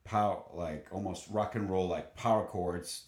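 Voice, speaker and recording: A man's voice: low voice, fairly even intonation, a little mellow, roomy sound. A man who sings in a choir, telling an enthusiastic story in conversation, often restarting his sentences. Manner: enthusiastic, halting with many restarts and fillers. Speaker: choral singer.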